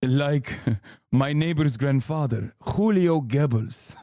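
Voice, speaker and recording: A man's voice: fairly high pitch, takes it slowly, mellow, no echo, clean studio sound. A man voicing a jokey, defensive Argentinian man in an exaggerated broken-English parody voice. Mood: mock defensive. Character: mocking jokey Argentinian man, defensive about his grandfather.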